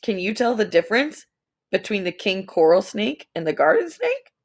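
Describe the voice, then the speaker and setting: A young adult woman teaching a lesson to young students, playful and animated, stretching words out. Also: medium pitch, normal speed.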